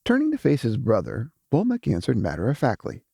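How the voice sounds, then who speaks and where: A man reads a fantasy audiobook with measured, expressive storytelling. His voice is mellow and slightly husky, and its pitch rises and falls a great deal. The recording is dry and close. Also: no echo. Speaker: audiobook narrator. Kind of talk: scripted audiobook narration.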